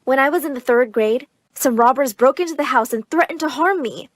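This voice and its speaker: A young woman narrating an animated story in a dramatic, scripted way. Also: sits high, fairly quick, dry recording, clean studio sound. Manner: expressive, dramatic.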